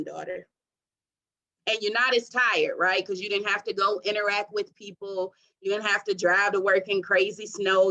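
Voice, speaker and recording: A woman in her thirties from Detroit, a podcast guest telling her story in an expressive, testimony-style way. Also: mid-range voice, rough recording. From Detroit, USA. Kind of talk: faith-centered interview talk.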